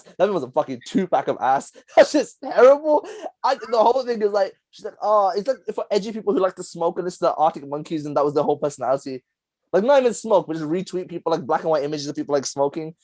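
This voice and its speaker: A young man, co-hosting a casual podcast chat, rambling through animated stories with lots of laughter. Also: a little high, quick pace, dry recording. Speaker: podcast co-host.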